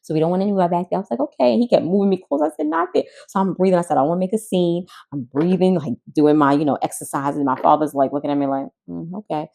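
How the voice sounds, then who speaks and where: Woman, podcast co-host, quick talker, gravelly, casual chat. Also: fairly low pitch. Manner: animated storyteller, acts out voices.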